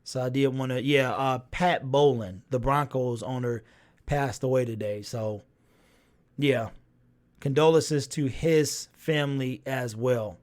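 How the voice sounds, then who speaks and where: A man's voice: mid-range voice, unhurried. A man hosting a casual sports talk livestream, reacting to viewers' chat and reading comments aloud with lots of fillers and repeats.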